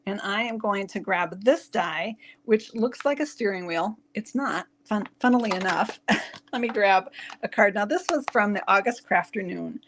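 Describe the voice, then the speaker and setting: A woman hosting a casual card-making tutorial, chatty and quick to laugh as she talks straight to her viewers. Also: mid-range voice, noisy background. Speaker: craft channel host.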